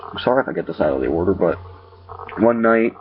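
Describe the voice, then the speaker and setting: Low-voiced man retelling a horror story. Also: expressive, a little hiss or hum. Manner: halting, self-correcting. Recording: lo-fi dull recording.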